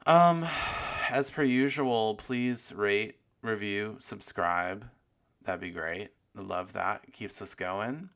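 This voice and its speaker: A man's voice: on the low side, slow, fairly bright tone. A man hosting a casual solo podcast, rambling and swearing freely and making fun of himself as he goes. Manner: rambling, profane, self-mocking. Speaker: podcast host.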